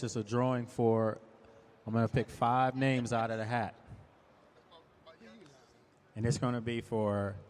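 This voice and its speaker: A man hosts a live sports event in a shopping mall, with a voice of middling pitch. He talks loosely and restarts often. Faint ambience hangs behind him. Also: a little mellow, a little hiss or hum. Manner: loose and talkative, many restarts. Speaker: sports analyst and host. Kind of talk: live event chat and prize drawing.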